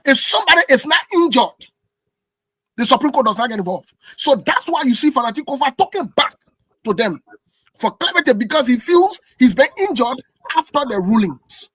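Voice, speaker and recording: Commentator, husky voice, dry sound, keeps saying no no wait let me finish. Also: male voice, extremely high pitch, sing-song, moderate pace, fairly bright tone, no echo. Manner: insistent, holds the floor with repeated no's. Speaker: political commentator. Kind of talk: heated political debate.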